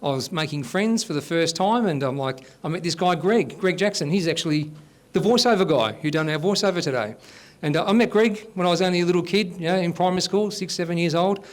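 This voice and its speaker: Brief: Australian male comic, fifties, fairly high for a man, deadpan stand-up host on a live stage. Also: brisk. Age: 50s. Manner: deadpan storytelling with blokey banter. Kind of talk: stand-up comedy set.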